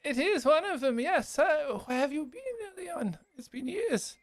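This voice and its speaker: A man's voice: extremely high pitch, big pitch swings, unhurried, no room sound, pitched above the performer's own voice, full character voice. A man playing a gushing, doting old father. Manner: gushing, chuckling often. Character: effusive elderly father, doting shopkeeper. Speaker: game master.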